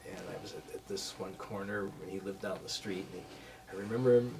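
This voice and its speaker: An older man shares a warm memory from his childhood with a group, speaking casually but haltingly, full of fillers and false starts. His deep, creaky voice runs fairly quick with fairly even intonation. A distant mic picks him up alongside faint room noise.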